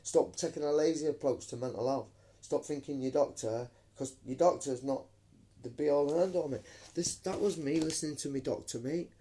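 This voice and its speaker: A man's voice: on the high side, normal speed, warm tone. A man, ranting emphatically into his phone camera on a live stream, swearing and calling listeners mate. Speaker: vlogger.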